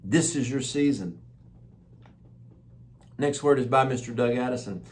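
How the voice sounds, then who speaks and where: Male host, mid-pitched, delivering prophetic words with upbeat, emphatic preaching energy. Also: unhurried. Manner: exuberant, emphatic, repeats phrases for emphasis.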